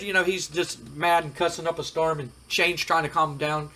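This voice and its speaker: Bright-voiced man rambling over a game. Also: on the high side, steady tone, a little fast, hardly any pauses. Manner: chatty, rambling, frequent fillers. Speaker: host. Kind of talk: casual gaming commentary.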